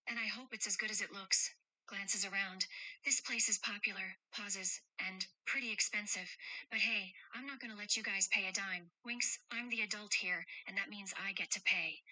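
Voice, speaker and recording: Woman doing a caring protector of kids, affectionate, teasing, very bright tone, close dry sound. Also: medium pitch, fairly even intonation, moderate pace, no room sound, low-quality recording. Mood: tender, playful. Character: caring adult woman protecting two children. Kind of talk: role-play chat read aloud with stage directions.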